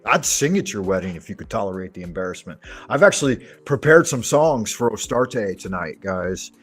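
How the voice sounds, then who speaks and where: A man's voice: fairly low pitch, very animated, normal speed, breathy edge, faint music behind. A man hosting a livestream, chatting casually with viewers in crude, profane banter. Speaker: livestream host.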